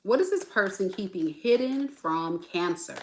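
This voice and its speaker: A woman doing a casual tarot reading for viewers, chatty and animated, calling them "y'all.". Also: medium pitch, unhurried, background noise. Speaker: tarot reader.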